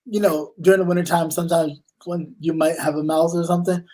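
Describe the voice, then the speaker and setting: Man telling animated stories. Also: a little high, fast, poor audio. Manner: animated storyteller acting out family voices; swears freely. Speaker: co-host. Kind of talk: casual chat.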